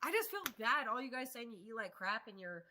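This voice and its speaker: Bright-voiced chatty woman on a livestream. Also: on the high side, sing-song, fairly quick, a little hiss or hum. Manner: chatty, laughs often, swears casually. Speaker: livestream host. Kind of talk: casual live-stream chat. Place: home workshop.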